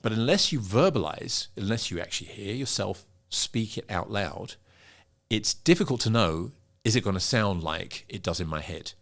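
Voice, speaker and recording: A middle-aged man, a pitch coach, explaining in an interview and demonstrating vocal emphasis. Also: animated, normal speed, gravelly. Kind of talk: interview conversation.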